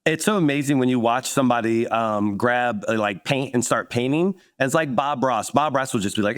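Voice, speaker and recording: A man hosting a podcast, talking in a relaxed, reflective way and often affirming his guest. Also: medium pitch, a little fast, hardly any pauses. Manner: conversational, reflective, frequent affirmations. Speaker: podcast host. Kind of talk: podcast interview.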